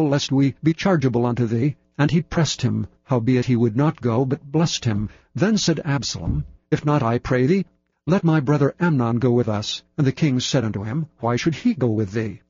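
A man giving a measured, solemn scripted reading of Bible passages. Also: mid-range voice, a little mellow, breathy edge, no echo, dull audio. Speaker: scripture reader.

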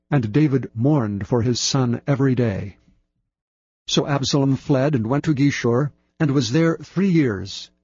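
Male scripture reader: steady, solemn delivery, mid pitch, dry close sound. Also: breathy edge, no echo, muffled recording. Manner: measured, solemn reading of archaic text. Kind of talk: scripted Bible reading.

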